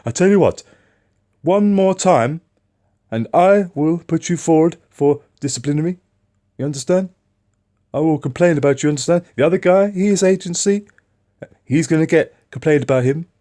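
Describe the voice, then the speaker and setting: A man's voice: medium pitch, expressive, normal speed, mellow, breathy edge, pitched above the performer's own voice. A man putting on the voice of a stern, pushy male work supervisor who repeats himself. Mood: threatening. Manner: threatening, repeats "man" and "understand".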